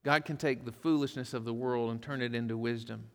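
A man's voice: medium pitch, steady tone, brisk, in a large hall. A pastor preaching a sermon, folksy, mixing humor and stories into his preaching.

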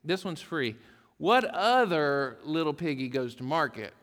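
A man's voice: fairly high pitch, sing-song, unhurried, fairly bright tone. Man preaching in a reverberant hall. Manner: folksy storytelling with humor. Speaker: pastor. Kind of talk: sermon.

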